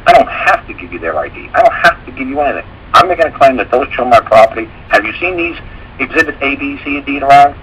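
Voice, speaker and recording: A man's voice: medium pitch, lively intonation, fast, fairly bright tone, slight background noise, rough recording. A man hosting a radio talk show, telling stories in a rambling way and acting out the dialogue he quotes.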